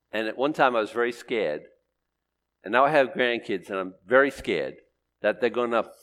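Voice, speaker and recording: An older man, a pastor, preaching a sermon with animated emphasis that swings between loud declarations and hushed, quiet passages. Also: mid-range voice.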